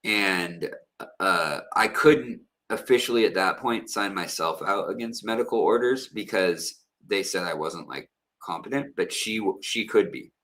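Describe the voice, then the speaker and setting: A man with a fairly low yet bright, forward voice talks straight to his viewers. He tells a personal story in a loose way, wandering between points, with plenty of "um"s and restarts. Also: measured pace. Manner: rambling, with many fillers and restarts. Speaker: aquarium channel host.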